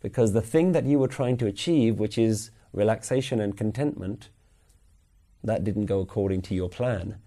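A man giving a Sikh religious lecture at a weekly class, earnestly questioning his listeners and slowly chanting scripture lines. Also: fairly low pitch, warm tone. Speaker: Sikh teacher.

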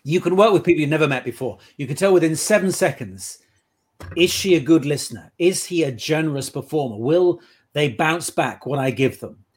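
A man's voice: on the high side, lively intonation, brisk, breathy edge. A man on a casual interview, telling playful anecdotes about his work as an improv performer. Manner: chatty anecdotal storyteller, playful.

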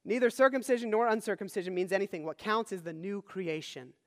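Speaking fast and high-pitched, this male pastor preaches with earnest teaching. He keeps asking his congregation "all right?" to check in, and his words echo with long hall reverb.

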